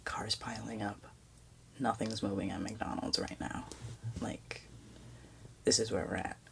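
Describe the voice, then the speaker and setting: A woman hosting a spiritual podcast, telling a personal story in a soft, halting way that often sinks to a near-whisper, with many fillers and restarts. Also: rumbling low, little pitch movement, gravelly. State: tearful, emotional. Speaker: podcast host.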